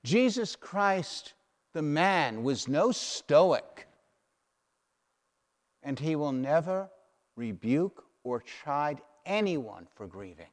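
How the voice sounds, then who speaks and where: A man's voice: on the high side, big pitch swings, drawn-out words. A middle-aged man preaching a sermon, emphatic and repeating key phrases for weight. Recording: long hall reverb.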